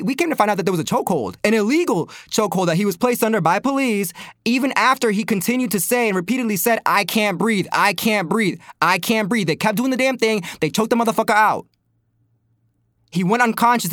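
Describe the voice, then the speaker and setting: A man's voice: high voice, fairly bright tone, no echo, studio quality. A man giving heated, profane commentary, mocking and incredulous. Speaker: commentary host.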